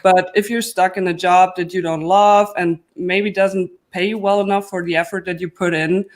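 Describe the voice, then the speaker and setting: A woman's voice: fairly low pitch, flat delivery, normal speed. A woman on a panel, telling her story in an earnest, reflective way. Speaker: panel guest. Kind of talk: casual panel chat.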